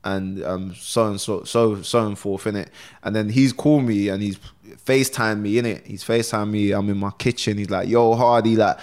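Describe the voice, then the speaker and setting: A man's voice: on the low side, steady tone, normal speed, a little mellow. A young man, a rapper telling stories in a casual podcast interview, full of slang and acted-out quotes. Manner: laid-back slangy storytelling, acts out quotes. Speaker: rapper guest.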